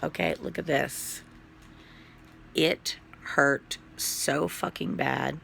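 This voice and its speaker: A man sick with COVID, coughing as he tells a rambling, foul-mouthed story to the camera. His voice is heavily gravelly but bright and forceful, and he talks slowly, stumbling through plenty of ums and uhs. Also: fairly high pitch, fairly even intonation, slight background noise. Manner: rambling, profane storytelling with many fillers. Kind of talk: casual personal story to camera.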